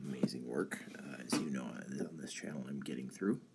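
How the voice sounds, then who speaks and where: A young man hosting a live stream, talking through ideas in a halting way with many ums and restarts. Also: a bass voice, fairly even intonation, vocal fry, very noisy. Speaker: channel host. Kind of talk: casual philosophy talk on a live stream.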